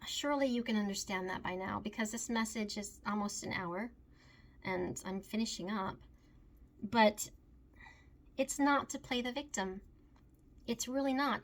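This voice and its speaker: A woman's voice: fairly high pitch, a bit bright. A woman speaking in an earnest, pleading monologue, recounting a painful family moment as a recovery advocate. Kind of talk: emotional personal monologue.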